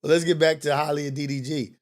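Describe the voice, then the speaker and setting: A young man hosting a morning show, talking in an animated, preachy and confessional way, with slang and cursing. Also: on the high side, quick pace. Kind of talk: casual commentary monologue.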